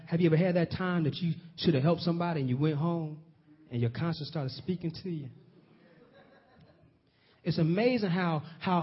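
Male pastor, high raspy voice, storytelling sermon with slowed emphasis, muffled lo-fi recording. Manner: storytelling, drawn-out emphasis on key phrases; asks the congregation questions. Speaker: preacher. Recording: dull lo-fi audio.

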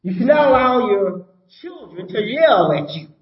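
Older guy preaching, kinda high voice, keeps asking "you follow me", echoey muffled room. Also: sing-song, moderate pace. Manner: emphatic, repeats points, asks the congregation rhetorical questions. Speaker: pastor. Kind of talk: sermon.

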